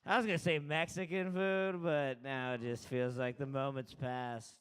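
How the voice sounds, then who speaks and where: A man's voice: mid-range voice, flat delivery, normal speed, a bit bright, clean tone. A man hosting a comedy open mic, joking loosely and chatting with the crowd between acts.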